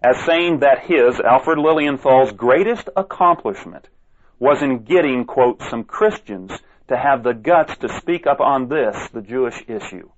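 A man's voice: mid-range voice, expressive, measured pace. Emphatic man on a dull recording. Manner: emphatic, asks rhetorical questions, stumbles and restarts. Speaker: ministry speaker. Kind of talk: monologue rebuttal reading quotes aloud.

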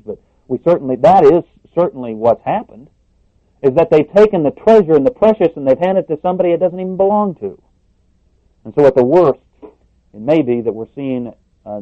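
A man's voice: medium pitch, dry recording. Male preacher, emphatic sermon delivery, dull lo-fi sound. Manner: emphatic, repeats words, rises on questions. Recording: muffled dry lo-fi recording.

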